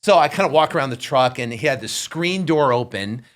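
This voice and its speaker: A man's voice: medium pitch, a little fast. A man in his fifties, a podcast guest, telling a story in casual chat and acting out the voices of the people in it. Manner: animated, acts out voices in his stories.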